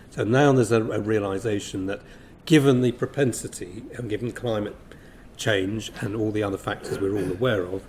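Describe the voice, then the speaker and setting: A man giving a business briefing presentation, measured and full of ums and self-corrections. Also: fairly low pitch, darkish tone, a little hiss or hum. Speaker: briefing speaker on investment.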